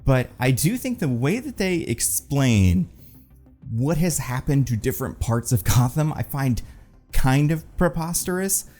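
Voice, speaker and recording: A man's voice: mid-range voice, very animated, unhurried, warm tone, soft background music. A man hosting a casual review vlog, talking in a rambling, enthusiastic way with lots of fillers. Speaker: film and TV critic host.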